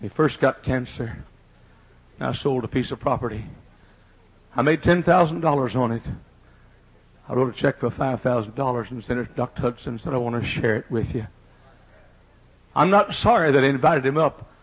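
Husky-voiced preacher man, lo-fi sermon. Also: normal speed, pauses often. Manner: shouting and preaching in a booming, rising cadence. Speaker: pastor. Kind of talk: fiery revival sermon. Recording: dull lo-fi sermon recording.

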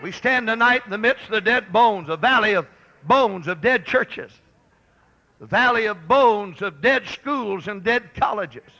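A man preaching a fiery revival sermon, shouting and thundering in repeated exhortations to a church congregation. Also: sits high, expressive, unhurried, lo-fi sound, a little hiss or hum.

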